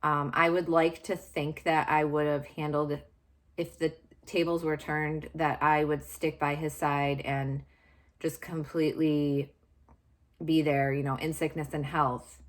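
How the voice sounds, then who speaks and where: Low-voiced woman telling her story candidly. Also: level tone, a little slow. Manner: confessional, searching, frequent fillers and restarts. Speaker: vlogger sharing personal story.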